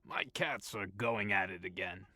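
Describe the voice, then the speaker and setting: A man voicing a gruff, officious, short and balding store manager with a rambling, wheedling manner in an audiobook. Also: low-pitched, a little slow, sharp tone, no echo, studio quality, full character voice. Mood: pleading, flustered. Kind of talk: audiobook character voice.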